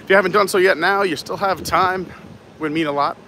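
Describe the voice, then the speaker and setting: A man's voice: sits high, a little fast, gravelly, pushed and bright, slight background noise, low-quality recording. A man hosting a live stream while walking outdoors, chatting casually, reading viewer comments and laughing often. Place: outdoors in a theme park, walking.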